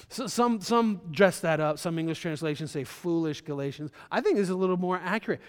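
A man preaching a sermon as a pastor, swelling his voice loud for emphasis and dropping it low again. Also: expressive, brisk. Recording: long hall reverb.

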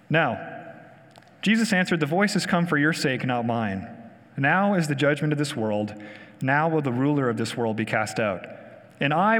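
A man preaching a conversational sermon, enthusiastic and asking his listeners questions. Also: sits high. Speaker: pastor. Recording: long hall reverb.

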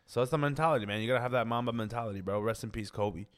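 A man's voice: mid-range voice, very fast. A man hosting a podcast, talking casually with a lot of slang and swearing. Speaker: podcast host. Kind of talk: casual chat.

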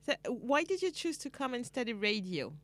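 A woman's voice: fairly high pitch, very animated, moderate pace, fairly bright tone. A woman hosting a casual interview, asking short questions and keeping the guest going with encouraging prompts. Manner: brief prompts and encouraging backchannels.

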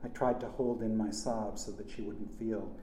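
A man's voice: fairly low pitch, flat delivery, normal speed, dark tone, a little hiss or hum. A man narrating a first-person story in a plain, earnest manner. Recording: echoey room.

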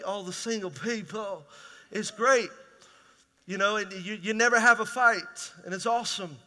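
A man's voice: high voice, pushed and bright. A man preaching a conversational, emphatic sermon as pastor in a large church hall.

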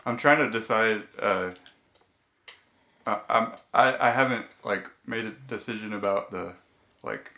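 A man's voice: lowish voice, a little slow, pauses often, sharp tone. A man hosting a casual podcast chat, speaking hesitantly and correcting himself often. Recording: echoey room.

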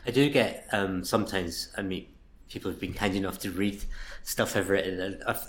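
A man columnist in a podcast discussion, talking thoughtfully and a little hesitantly, with frequent pauses and fillers. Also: sits low, slight background noise. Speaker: guest columnist.

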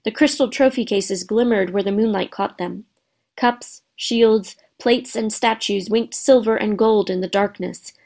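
A woman reading a children's storybook aloud as narrator, steady and expressive. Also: medium pitch, a little slow, vocal fry. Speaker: audiobook narrator.

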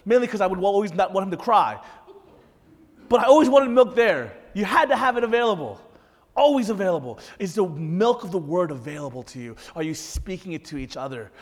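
Pastor, male, 30s; chatty, lively sermon delivery, slightly high voice. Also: a little fast, in a large hall. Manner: conversational, animated, addresses audience directly.

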